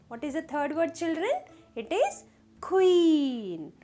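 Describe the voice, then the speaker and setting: A woman teaches young children their letters. Her voice sits high and swings up and down, and she sounds out each letter slowly and carefully, with soft music faintly behind her. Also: sing-song. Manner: slow and deliberate, sounding out letters, asking the children questions. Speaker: kindergarten teacher. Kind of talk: phonics lesson for young children.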